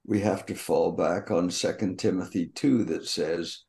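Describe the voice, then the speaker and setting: Slow, deep, gravelly older man. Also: steady tone, dark tone. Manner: slow, measured, reads scripture aloud. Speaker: podcast Bible teacher. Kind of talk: unscripted Bible teaching.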